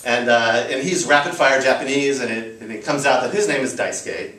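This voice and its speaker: A bit fast and a bit bright, a mid-range male voice tells a personal story before a live crowd, loose, chatty and full of fillers; he's American and in his thirties. A distant mic in the roomy venue picks up a little hiss or hum.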